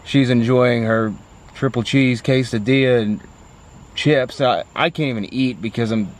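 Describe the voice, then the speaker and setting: Chatty excitable man telling a story. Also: medium pitch, measured pace. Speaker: car vlogger. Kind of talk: casual storytelling to camera.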